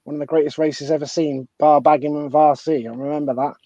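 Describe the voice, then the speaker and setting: A man's voice: fairly high pitch, fairly even intonation, fairly quick, warm tone, no echo, highs cut off. Chatty male interview host, dry sound. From United Kingdom. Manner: chatty, laughs often. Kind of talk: casual interview hosting, reading viewer questions.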